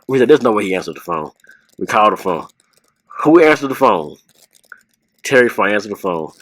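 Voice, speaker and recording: A man's voice: medium pitch, expressive, fairly quick, pauses often, a bit bright, dry recording, poor audio. Laid-back man telling stories. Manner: rambling, laughing, imitates voices in stories. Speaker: podcast host. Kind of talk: casual podcast storytelling.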